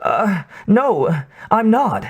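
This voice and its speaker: A man voicing a nervous young male scientist who pleads in a high, breathless voice. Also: sing-song, very slow, breathy edge, lo-fi sound, exaggerated voice. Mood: pleading.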